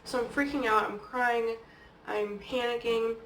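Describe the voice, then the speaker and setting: A woman vlogger with a somewhat high voice tells personal stories in a loose, conversational way. She keeps dropping "like" and "okay?" as she talks. She sits back from the mic in an echoey room with faint background noise. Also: steady tone, unhurried, a bit bright, distant mic. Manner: chatty, peppered with "like" and "okay?". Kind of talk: casual personal storytelling.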